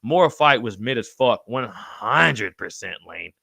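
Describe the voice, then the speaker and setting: A man hosting a live podcast stream, reading chat and reacting in an excitable, loose way, swearing freely and calling everyone brother. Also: mid-range voice, slow pace, creaky, no echo.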